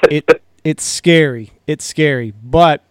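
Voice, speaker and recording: Smooth, slightly high man chatting. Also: slow, no room sound. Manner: chatty, joking, repeats words when starting. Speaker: guest, game call maker. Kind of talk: casual chat.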